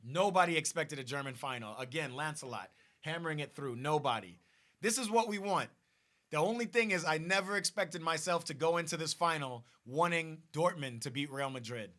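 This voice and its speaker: Excitable man hosting a football stream. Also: fairly high pitch, normal speed. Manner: excitable, repeats and restarts, talks to viewers directly. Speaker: host of a football watch party stream. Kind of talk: casual live-stream chat.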